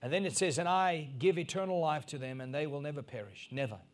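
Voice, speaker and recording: Animated middle-aged male preacher. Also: fairly high pitch, fast talker. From Africa. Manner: animated preaching, swinging between soft asides and loud emphatic peaks. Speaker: pastor. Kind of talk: sermon.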